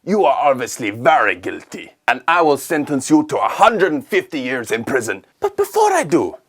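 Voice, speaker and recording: A man voicing an indignant, excitable male judge who is shrill and easily amazed. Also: normal speed. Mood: stern.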